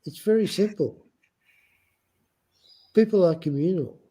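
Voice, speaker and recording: A man's voice: high voice, a little slow, mellow, husky. A man with a non-American English accent, lecturing insistently in a heated casual argument and repeating his points.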